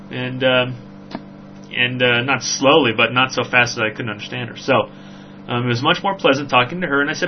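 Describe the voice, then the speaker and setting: A man hosting a podcast, telling a story in a rambling, animated way with frequent "right?" asides. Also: fairly high pitch. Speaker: podcast host. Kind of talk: casual storytelling chat. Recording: dull lo-fi recording with faint hum.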